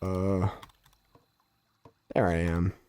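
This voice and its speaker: Extremely slow and flat in delivery, this man's low, darkish, smooth voice comes from a game stream where he casually talks with viewers. He sounds stuffed-up and nasal from allergies and keeps a loose, joking manner while answering them.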